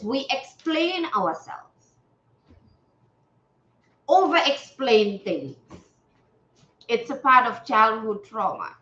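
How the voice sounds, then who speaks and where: Heard through dull, roomy lo-fi sound, a Gambian woman hosting a spiritual livestream speaks slowly with long pauses, her slightly high, sharp voice lively in intonation. She is earnest and preachy in a casual way, repeating phrases for emphasis.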